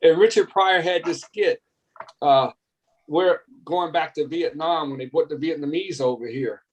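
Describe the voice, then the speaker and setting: A man's voice: a little high, measured pace, low-quality recording. A man in a casual political chat who laughs often and drifts into rambling asides.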